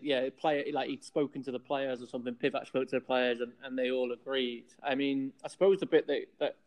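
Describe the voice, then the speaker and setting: A man co-hosts a casual rugby chat. He sounds relaxed and agreeable, and his phrasing is loose. His voice sits at a middle pitch. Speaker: podcast co-host.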